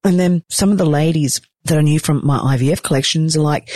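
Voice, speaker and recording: Low-pitched and somewhat dark in tone, a woman speaks at normal speed in a hospital-room vlog. She's just given birth and is exhausted, yet talks candidly and exclaims often. The recording has no room sound.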